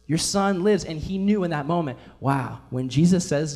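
A man's voice: fairly high pitch, lively intonation, normal speed, darkish tone. Casual, upbeat male pastor preaching. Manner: casual, enthusiastic, many fillers like "like". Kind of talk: casual sermon. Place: church.

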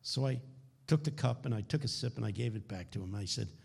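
A man preaches a keynote at a conference in a husky, slightly breathy voice. His pitch swings widely as he tells stories dramatically, often sinking to hushed lows for emphasis. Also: animated, fast. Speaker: keynote speaker. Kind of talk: conference sermon. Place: conference hall.

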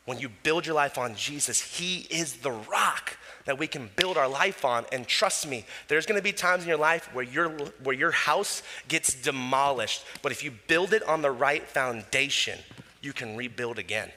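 Animated preacher in a reverberant hall. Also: male voice, mid-range voice, moderate pace. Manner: animated preaching, acting out voices, swings from loud to quiet. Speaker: pastor. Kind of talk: sermon. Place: church hall. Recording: long reverb of a church hall.

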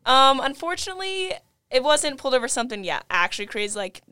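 A young woman co-hosting a casual podcast, telling news stories in an animated way with lots of fillers. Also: high-pitched, fast talker, clean tone, dry recording. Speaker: podcast co-host.

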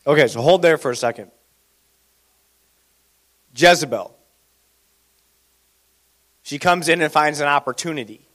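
A man preaching a sermon in an animated, conversational way, asking the congregation questions. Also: a little high, a little slow, pauses often.

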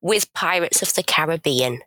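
A woman co-hosting a casual film chat, making wry, quick asides. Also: low voice, bright, forceful tone, no room sound. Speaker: podcast co-host.

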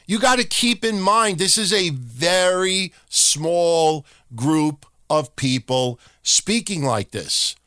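A man's voice: high voice, pushed and bright, no room sound, studio quality. A man hosting a podcast, ranting profanely and mocking people by acting out their lines. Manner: profane, mocking, acts out other people's talk. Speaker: podcast host. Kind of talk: opinionated rant.

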